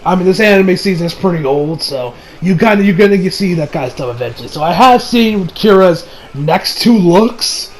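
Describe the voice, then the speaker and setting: High-voiced man, rambling anime reviewer. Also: expressive, normal speed, hardly any pauses, poor audio. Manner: rambling, many fillers, frequent swearing. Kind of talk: casual video review.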